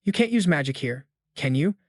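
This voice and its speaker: A man voicing an arrogant, hot-headed teenage student bully who taunts and yells. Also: fairly high pitch, animated, normal speed, no room sound, clean studio sound. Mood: sneering, yelling. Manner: sneering, taunting, yelling.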